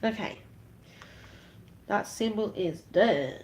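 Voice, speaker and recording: Slow-talking, giggly Australian woman. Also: medium pitch, lively intonation, a little mellow, slight background noise. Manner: chatty, giggly, self-conscious. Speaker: live-stream vlogger. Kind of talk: casual chat while crafting.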